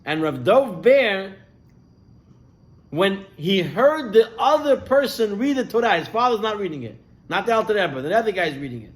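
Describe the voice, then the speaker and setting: A rabbi with a high, light male voice tells stories to his congregation. He speaks animatedly, climbing for the dramatic moments and dropping low and soft for the quiet ones. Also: normal speed. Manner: animated storyteller, voice rising and falling with the tale. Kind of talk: sermon storytelling.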